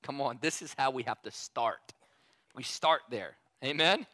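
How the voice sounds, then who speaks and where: A man preaching a sermon in a casual, animated way, telling a story and repeating emphatic refrains. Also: mid-range voice, unhurried, dry recording.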